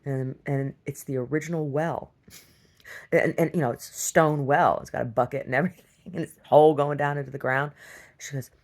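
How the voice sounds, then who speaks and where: Middle-aged woman, video diarist, low gravelly voice, rambling storyteller who laughs a lot. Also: fairly even intonation, fairly quick, a little mellow. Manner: laughs often, acts out quoted voices, many restarts. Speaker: video diary vlogger.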